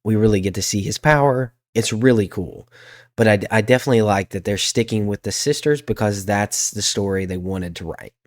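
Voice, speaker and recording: A man's voice: fairly low pitch, fairly quick, dry recording, clean studio sound. A man co-hosting a podcast, shivering from cold while explaining things at length with hesitant fillers. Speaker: podcast co-host. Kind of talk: casual chat.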